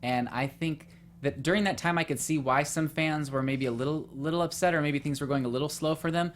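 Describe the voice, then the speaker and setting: A woman hosting a casual chat, talking quickly with lots of fillers and animated retellings. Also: low-pitched. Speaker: host. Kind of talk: casual chat about a TV show.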